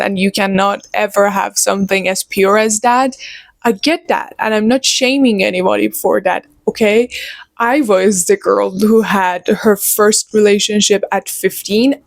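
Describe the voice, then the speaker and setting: A young woman in her twenties chatting casually to her viewers about a book, animated and opinionated. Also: mid-range voice, dry recording. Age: 20s. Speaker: book vlogger. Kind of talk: casual chat.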